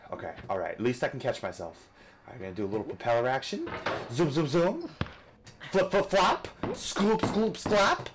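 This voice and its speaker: Man playing a frustrating game, foul-mouthed, swings his pitch up and down a lot, noisy recording. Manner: profane, swears constantly; frustrated outbursts and self-coaching. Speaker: gamer. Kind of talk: let's play commentary.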